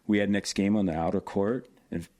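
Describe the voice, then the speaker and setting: Guy on a podcast telling stories, animated, says you know a lot. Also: lowish voice, a little fast. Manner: animated, lots of filler phrases. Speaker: podcast guest, tournament organizer. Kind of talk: casual storytelling.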